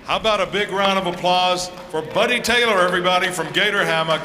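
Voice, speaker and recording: A man's voice: high-pitched, fast talker, big-room sound, noisy background. A man emceeing a festival stage with upbeat, promotional announcements.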